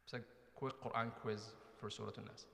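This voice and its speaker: A man's voice: medium pitch, flat delivery, brisk, gravelly, a bit bright. A man giving a conversational mosque lecture, often asking the audience questions. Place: mosque hall. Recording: echoey hall with long reverb.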